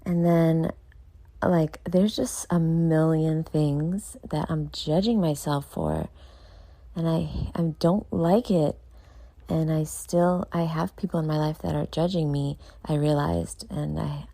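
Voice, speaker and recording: A woman from New York hosts a late-night vlog, tired and rambling through her thoughts with lots of fillers. Her voice sits low, with a gravelly, mellow tone. The sound is dry and close. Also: dry recording. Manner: self-critical, rambling with many fillers. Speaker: show host.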